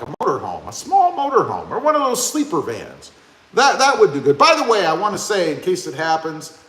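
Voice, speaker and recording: A man's voice: a little high, a bit bright. A man from Ohio hosting a casual live stream, reading viewer comments aloud and joking back at them. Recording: echoey room.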